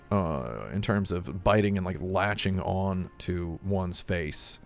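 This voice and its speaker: A man's voice: deep voice, slow pace, creaky, soft background music. A man streaming live, chatting casually and rambling with jokey asides to his chat.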